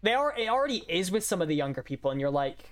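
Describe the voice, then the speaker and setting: A woman's voice: lowish voice, big pitch swings, racing. Chatty young woman rambling casually. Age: young adult. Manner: chatty, rambling, lots of fillers. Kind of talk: casual chat.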